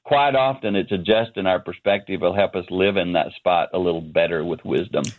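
A man's voice: deep voice, a little fast. A man in his fifties, a ministry founder, telling a personal story as a radio guest from his office. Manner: earnest, animated storyteller. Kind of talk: phone-in interview, storytelling. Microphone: phone line. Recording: tinny phone line.

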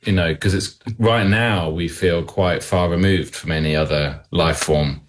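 A man's voice: deep voice, measured pace. A man with an English accent, a touring musician guest, chatting in a dry, joking, rambling way. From England. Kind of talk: casual interview chat.

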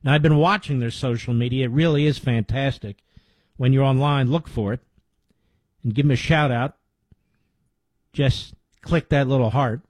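A man hosting a talk radio show, reading a sponsor pitch in an emphatic, folksy way and repeating details slowly. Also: a little mellow, no echo. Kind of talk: live-read sponsor ad and commentary.

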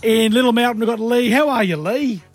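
A man's voice: very high voice, brisk, no room sound, soft background music. A man with an Australian accent hosting a radio quiz, jokey and teasing with the callers. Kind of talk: breakfast radio banter.

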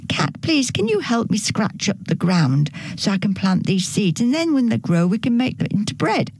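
A woman's voice: medium pitch, very animated, moderate pace, darkish tone, breathy edge, no echo. A woman voicing a hardworking little hen who keeps politely asking for help in a storybook reading. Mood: pleading. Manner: pleading, polite, then firm.

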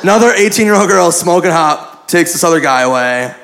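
Onstage at a comedy club with a handheld mic, a man does stand-up, acting out the dialogue of a crude, profane story. His voice is fairly high, fairly bright and creaky, animated and a little fast. Audience laughter and noise fill the live recording.

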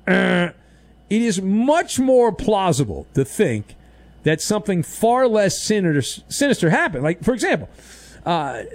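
Sarcastic, lively-pitched sports radio host. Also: male voice, dry recording. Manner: sarcastic, mocking, animated riffs. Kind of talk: sports talk radio monologue.

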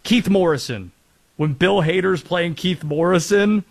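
A man's voice: high voice, unhurried, creaky. A man from North Carolina hosting a casual sports talk show, chatty with rambling asides. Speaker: sports radio host.

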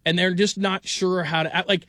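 A man's voice: high voice, flat delivery, moderate pace, bright, forceful tone, dry recording. A man hosting a sports talk radio show, chatting casually and rambling with lots of "like.". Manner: rambling, heavy use of "like".

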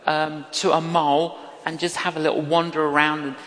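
An older woman preaching a sermon, telling stories from her own life in an emphatic, measured way. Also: low-pitched, in a large hall. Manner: slow, emphatic preaching with lively storytelling. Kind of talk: sermon with storytelling.

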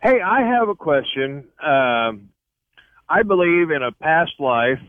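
A man's voice: a little high, animated, takes it slowly, no room sound. A man calling a radio show for the first time, speaking in a casual, self-deprecating way. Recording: tinny phone line.

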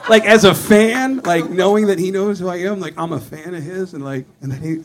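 A man telling a comic story on stage, animated and swearing, laughing through his lines. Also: high voice, fairly quick, few pauses. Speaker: stand-up comedian. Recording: live show with audience crowd.

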